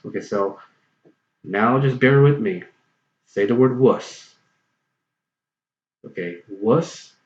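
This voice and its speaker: A man's voice: mid-range voice, unhurried, pauses often. A man giving a patient, step-by-step pronunciation tutorial, repeating points and often checking in with okay. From United States. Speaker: online language tutor. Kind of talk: explanatory tutorial voice-over. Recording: roomy, slightly dull home recording.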